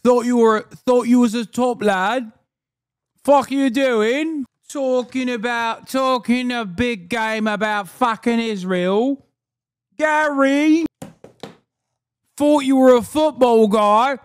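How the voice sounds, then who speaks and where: A man voicing an angry middle-aged British man who shouts and swears as he rants. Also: very high-pitched, takes it slowly, clear, resonant tone, no room sound. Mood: ranting. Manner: shouting, swearing, repeating a name.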